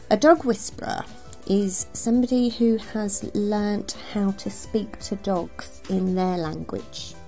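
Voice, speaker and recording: A woman from England answers interview questions in an animated storytelling way. Her voice is dark and mellow with a gravelly edge. Faint music plays underneath. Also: medium pitch. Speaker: dog trainer interviewed as guest. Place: outdoors by a river.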